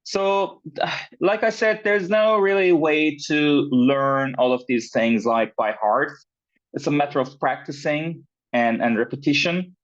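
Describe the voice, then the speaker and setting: Male pronunciation teacher, slow and patient, filler-heavy, lo-fi video-call sound. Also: fairly high pitch. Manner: slow, with many fillers and repeated words, checking in with "right?". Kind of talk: online class lesson. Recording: dull, lo-fi sound.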